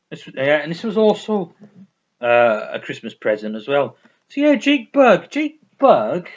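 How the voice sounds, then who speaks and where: Rambling man with a lively voice. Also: on the high side. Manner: rambling, repeats himself, enthusiastic. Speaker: vinyl collector vlogger. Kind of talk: casual record review chat. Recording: dull lo-fi recording.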